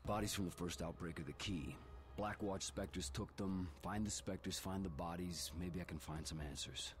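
A man's voice: low voice, moderate pace, a little hiss or hum, natural voice. An actor playing a terse, grave male scientist in video game cutscene dialogue. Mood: grim.

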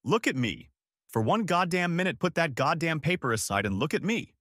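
A man's voice: a little high, very animated, a little fast, fairly bright tone, dry recording, pitched above the performer's own voice. A man reading the lines of an angry wife accusing her husband, in a dry recording. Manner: snarling, accusing.

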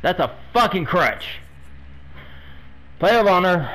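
A man's voice: a little high, sing-song, normal speed, long pauses, fairly bright tone, slight background noise, poor audio. A man hosting his own gaming videos, swearing and venting his frustration as he plays. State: irritated. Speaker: gaming channel host. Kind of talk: angry live gameplay commentary.

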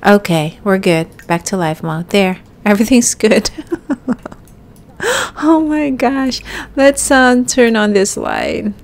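A woman's voice: mid-range voice, measured pace. Young female let's-player, casual chatty commentary, talks to her sim and viewers. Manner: chatty, talks to her character and viewers, bursts into excited yelps. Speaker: gaming YouTuber.

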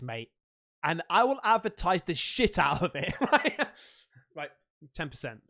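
A man chatting on a livestream, bursting with excitement and casual slang. His voice leaps up and down in pitch as he chats with viewers. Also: measured pace. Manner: excitable, slangy, swearing, laughs a lot. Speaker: livestream host. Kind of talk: casual live-stream chat.

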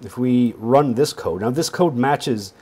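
A man giving a casual, wry screen-share lesson on databases, often checking in with a quick "right?". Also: mid-range voice, darkish tone, husky. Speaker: database instructor. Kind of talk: screen-share teaching walkthrough.

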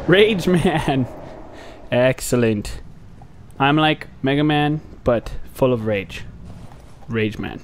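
A man's voice: mid-range voice, expressive, takes it slowly, pauses often. Jumpy, yelping young man gaming. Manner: jumpy, talks back at the game, yelps and shouts. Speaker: gameplay commentator. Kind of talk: let's play commentary. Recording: noisy game audio underneath.

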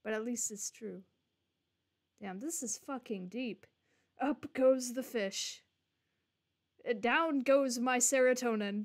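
Young woman streamer, slow and swearing. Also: fairly high pitch. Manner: swearing, chatty, joking to chat. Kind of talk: live game streaming.

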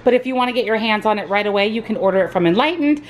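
A woman's voice: medium pitch, animated, rapid-fire, a little hiss or hum. Upbeat chatty woman vlogging. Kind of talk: casual vlog narration. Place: car in a parking lot and an office.

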